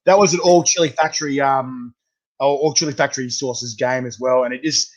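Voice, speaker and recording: A young Australian man hosting a casual chat, excitable and laughing as he tells quick stories. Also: medium pitch. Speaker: host.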